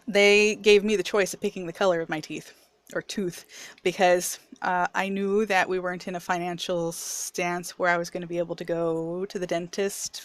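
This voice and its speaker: A woman's voice: on the low side, a bit bright, no room sound. A woman reviewer with a mixed, picked-up accent, talking candidly in a casual, chatty personal vlog. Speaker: video reviewer.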